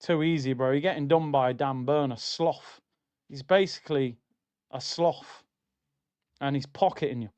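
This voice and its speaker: A man's voice: a little high, a little mellow, muffled recording. A young adult man hosting a live football watchalong stream, reacting to the match and reading out chat messages in an exasperated, slangy rant.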